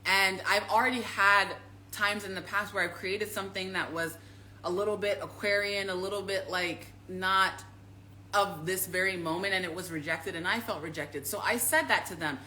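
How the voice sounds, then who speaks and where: A woman talking casually as a spiritual teacher, emphatic and repetitive, swearing freely and swinging from loud to hushed and confiding. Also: mid-range voice, moderate pace, a little hiss or hum. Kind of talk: casual live-stream talk.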